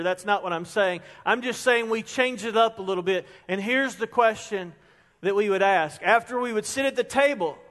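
A middle-aged man preaching a sermon as a pastor, telling stories with energy and dropping to a hush for emphasis. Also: sits high. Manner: animated storyteller, drops to a hush for emphasis. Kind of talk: sermon with storytelling. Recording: long hall reverb.

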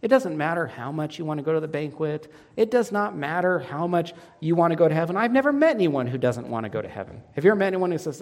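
A man delivers a sermon in a voice a little higher than most men's. He quizzes his congregation with fill-in questions and swings sharply in pitch and loudness. His voice trails off into the long reverb of a large hall. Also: big pitch swings, fast talker, hardly any pauses. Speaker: pastor.

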